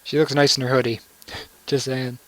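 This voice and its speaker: A man's voice: medium pitch, flat delivery, moderate pace. A young man giving casual, joking commentary over a video game and laughing often. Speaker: let's play commentator.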